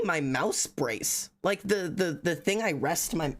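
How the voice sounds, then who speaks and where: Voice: medium pitch, animated, fairly quick, few pauses. A tired streamer, chatting casually on a live stream, rambling, joking and swearing a lot. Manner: profane, rambling, jokey.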